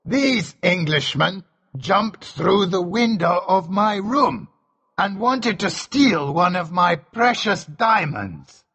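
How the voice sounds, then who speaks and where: A man putting on a shrill scheming merchant. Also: lively intonation, slow, husky, full character voice. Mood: sly. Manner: high, strained shouting. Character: shrill scheming old Dutch merchant, and a stern judge.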